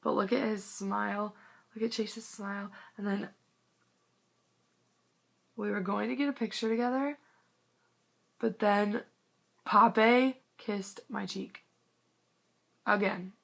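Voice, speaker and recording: Slow and creaky, with fairly even intonation and long pauses, a young woman at medium pitch vlogs a story into her phone. It's excited, casual storytelling to camera, gushing and rambling, full of "like", occasionally dipping to a whisper.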